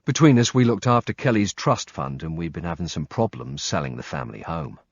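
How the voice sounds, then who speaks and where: A man's voice: low-pitched, big pitch swings, brisk, vocal fry, no room sound. A man reading a first-person audiobook with dry, wry storytelling and blunt swearing, on slightly muffled audio. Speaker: audiobook narrator.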